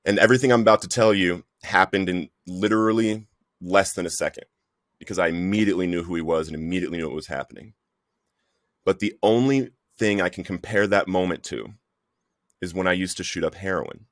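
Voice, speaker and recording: Podcast guest, male, low-pitched voice, earnest storyteller, dry close sound. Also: fairly quick, no room sound. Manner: earnest storytelling, says "bro" often. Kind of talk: personal recovery story.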